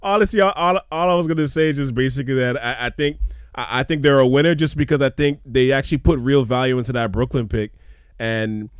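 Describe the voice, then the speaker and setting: A man's voice: on the high side, clear, resonant tone, no echo, clean studio sound. A man co-hosting a casual sports talk show, giving earnest, hedging analysis. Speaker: co-host.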